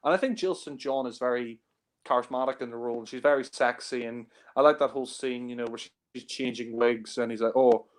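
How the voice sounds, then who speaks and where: A man of average pitch talks loosely about movies over a group call. He rambles, fills gaps with ums and you-knows, and chuckles often at his own points. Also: fairly even intonation, brisk. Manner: rambling, heavy on fillers, laughs often. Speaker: film reviewer. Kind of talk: casual film discussion.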